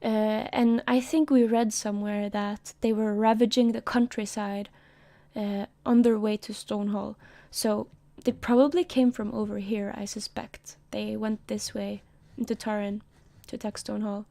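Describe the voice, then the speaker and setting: A woman streamer talking in a soft, rambling way, breaking into giggly asides while she explains a story to her chat. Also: medium pitch, flat delivery, normal speed, creaky. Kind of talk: casual live-stream commentary. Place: own room.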